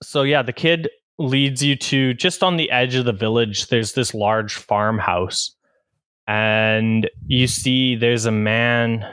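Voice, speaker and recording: A man's voice: medium pitch, steady tone, slow pace, a bit bright, clean tone, no echo. A man running a tabletop game as game master, narrating in a casual way with many fillers.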